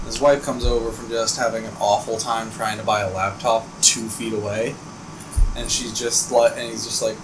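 Young male podcast co-host, animated storyteller, light background noise. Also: lowish voice, fairly quick. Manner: animated storyteller, swearing, acting out customers. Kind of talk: casual chat.

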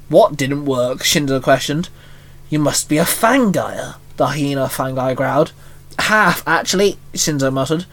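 A man's voice: a little high, fairly bright tone. A man narrating a fan-written story, reading plainly with small stumbles and lightly voicing the characters.

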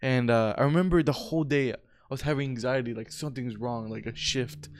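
Smooth-voiced young man telling stories. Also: mid-range voice, brisk. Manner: laid-back, profane, says bro often. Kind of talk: casual storytelling chat.

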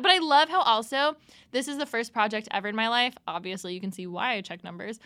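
A young woman co-hosting a podcast in casual chat, gushing and excitable, restarting with "like". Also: a little high, fast, no room sound. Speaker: podcast co-host. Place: podcast studio.

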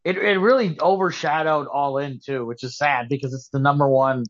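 Man, podcast co-host, casual chat, rambling, skeptical, slightly high voice, muffled lo-fi sound. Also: steady tone, moderate pace. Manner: rambling, restarts often, skeptical. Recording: dull lo-fi podcast audio.

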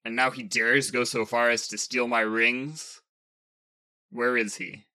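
A man's voice: mid-range voice, flat delivery, measured pace, sharp tone. Man doing a growling tyrant planet king. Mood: menacing. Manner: growling, snarling, domineering. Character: huge arrogant male planet king, menacing.

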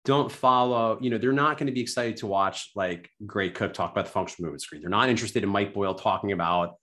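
A man telling his story as a podcast guest, animated and enthusiastic, self-deprecating, full of "like" and "right?". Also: on the low side, quick pace. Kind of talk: casual storytelling interview.

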